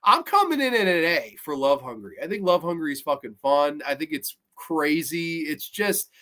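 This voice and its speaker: Excitable, high-voiced horror show host. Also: male voice, moderate pace. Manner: excitable, profane, laughing often; reads viewer comments aloud. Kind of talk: casual livestream review chat.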